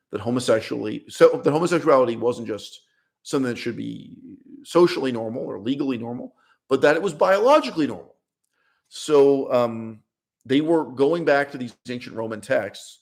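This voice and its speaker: A man's voice: medium pitch, creaky. Blunt, emphatic man ranting on a stream. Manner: emphatic, blunt, laughs mid-sentence, repeats words. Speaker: language channel host. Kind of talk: opinionated livestream monologue. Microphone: streaming setup mic.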